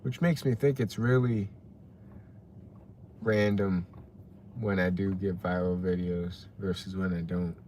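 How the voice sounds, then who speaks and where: A man's voice: low-pitched, steady tone, unhurried, pauses often, darkish tone, a little hiss or hum. A young man chatting casually on a live stream, rambling and greeting viewers by name as he reads the chat. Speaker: livestreamer reading chat.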